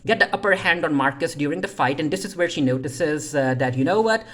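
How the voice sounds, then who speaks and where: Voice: medium pitch, brisk, fairly bright tone. A reviewer casually recapping a TV episode, retelling scenes loosely with lots of "uh" fillers and paraphrased lines. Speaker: TV series reviewer.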